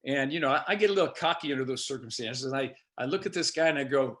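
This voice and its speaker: A man's voice: medium pitch, fast talker, hardly any pauses, fairly bright tone. An older man, an instructor, telling a personal story to his class with many hesitations and uhs. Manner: rambling, hesitant, full of uhs.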